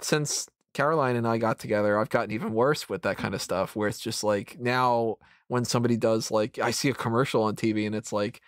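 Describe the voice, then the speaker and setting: A man in his thirties chats loosely on a podcast mic, rambling and poking fun at himself. The sound is close and dry, with no room around it. His pitch sits in an ordinary middle range. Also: a little fast, hardly any pauses, no room sound. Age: 30s. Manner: rambling, self-mocking, laughs often. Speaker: podcast host. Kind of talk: casual roundtable chat.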